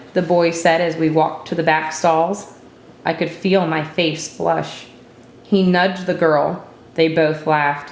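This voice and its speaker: A woman reads a first-person story aloud in a steady, reflective way. Her voice sits on the low side for a woman, and a roomy echo hangs around it. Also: measured pace. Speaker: narrator. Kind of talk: storybook reading.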